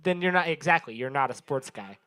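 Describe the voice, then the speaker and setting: On a small bar stage before a live audience, a young man hosts an open mic with loose, profane stand-up crowd work, rambling and teasing the crowd. His mid-range voice is expressive, bright, and forceful, moving a little fast.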